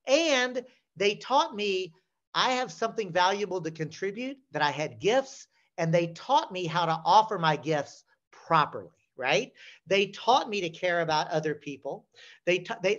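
A man's voice: high voice, a bit bright, dull audio. A man in his sixties with a Southern US accent, telling stories as an interview guest, often checking in with "right?". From Southern United States. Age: 60s. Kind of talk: casual storytelling.

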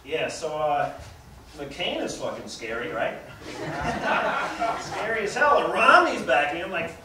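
A man performing a profane stand-up comedy set, rambling and swinging between low mumbles and loud bursts. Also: very animated, takes it slowly. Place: small theater stage. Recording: roomy, distant live club recording with audience noise.

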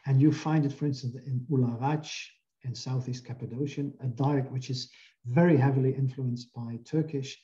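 Male academic lecturer, very dark tone, careful and hesitant delivery, lo-fi video call sound. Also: mid-range voice, fairly even intonation. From Belgium. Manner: careful, explanatory, with frequent "uh" pauses.

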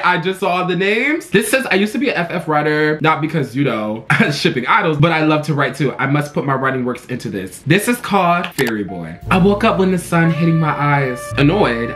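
A young man on a video channel, reading fan fiction aloud in a dramatic way and reacting, with plenty of fillers. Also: on the high side. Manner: animated, dramatic, filler-heavy.

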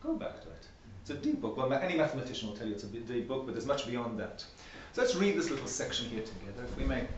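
In a seminar room, a male lecturer gives an academic workshop presentation, speaking conversationally and posing rhetorical questions. His mid-range voice is sing-song and very fast with few pauses. The recording is distant, very echoey, and dull, with a little hiss or hum.

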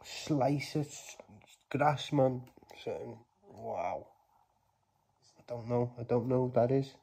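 Excitable guy talking to his viewers, goes from mumbly to shouting, kinda husky and dark sounding. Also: medium pitch, takes it slowly. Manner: excitable, bursts of loud exclamations between quiet mumbling; slangy, chatty address to viewers. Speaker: YouTuber opening trading card packs. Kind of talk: casual vlog commentary.

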